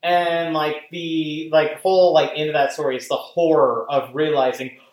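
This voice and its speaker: A casual podcast host who rambles with lots of fillers and swears freely. The voice sits at a middle pitch and carries a roomy echo. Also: normal speed. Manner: rambling, animated, profane, many fillers. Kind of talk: casual chat.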